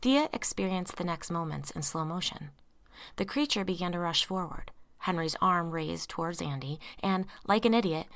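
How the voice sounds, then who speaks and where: A woman narrating a story aloud, reading tense dialogue in hushed whispers. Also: lowish voice. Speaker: audiobook narrator. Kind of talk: scripted narration.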